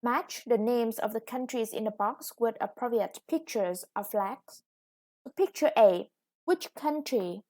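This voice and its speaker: A woman's voice: a little high, a little slow, darkish tone. A woman English teacher with a Vietnamese accent, explaining a lesson patiently. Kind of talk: recorded classroom lesson.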